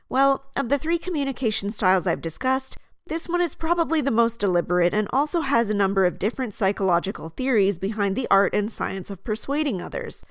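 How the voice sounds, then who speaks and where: Woman host, mid-pitched, steady and articulate, reads her script dry and close to the mic. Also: no room sound. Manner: measured, articulate delivery. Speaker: video essay host. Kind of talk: scripted commentary.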